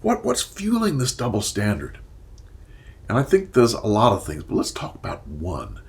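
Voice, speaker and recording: Gravelly older man, lively monologue. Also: lowish voice, normal speed. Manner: animated, rhetorical questions, drops into whispered asides. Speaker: therapist and commentator. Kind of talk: casual monologue commentary.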